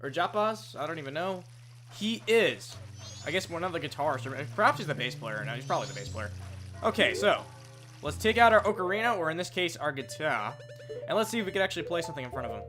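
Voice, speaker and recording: A young man talks through a video game in a loose, wry ramble, tossing in asides and the occasional swear. His voice is bright and sits a little high. Faint music plays underneath. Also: sing-song, fast talker. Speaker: let's play commentator. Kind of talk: game commentary, reading dialogue aloud.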